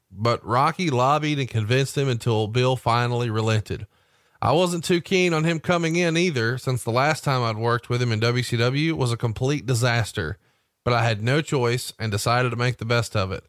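A podcast host, a man with a mid-range voice, reads memoir passages in a steady, even way and breaks off for wry asides. The sound is close and dry, with no room around it. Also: mid-range voice, normal speed, dry recording. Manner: steady read-aloud delivery with wry asides. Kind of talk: reading a memoir aloud and asking questions.

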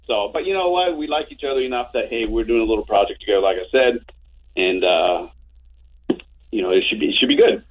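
Guy in his 50s telling stories over a tinny phone line, kinda husky and low. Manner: animated anecdotes with frequent restarts. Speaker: interview guest. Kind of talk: casual storytelling. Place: home office.

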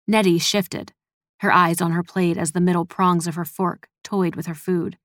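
A woman reading a story as a scripted narration in an even, measured manner. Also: on the low side, no room sound, clean studio sound. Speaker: audiobook narrator.

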